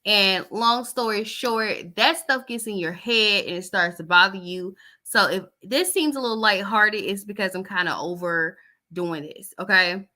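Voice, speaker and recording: A woman's voice: mid-range voice, measured pace, bright, forceful tone. Blunt, sarcastic woman podcast host. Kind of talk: gossip commentary reading posts.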